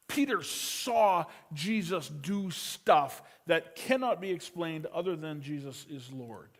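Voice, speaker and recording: Middle-aged male pastor with a slightly high voice, slow and storytelling, rising to loud urgency and dropping to a hush. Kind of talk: sermon.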